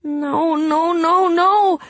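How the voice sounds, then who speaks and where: A woman voicing a terrified young girl who cries out in high, shrill panic. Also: fairly even intonation, drawn-out words, no echo, heavily acted. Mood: anguished.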